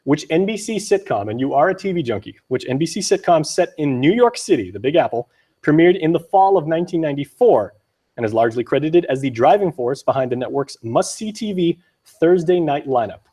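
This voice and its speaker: A young man from Guam hosting a news show, quick and joking as he runs a trivia quiz. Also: on the high side, expressive, dark tone, breathy edge. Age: young adult. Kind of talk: lively on-air quiz banter.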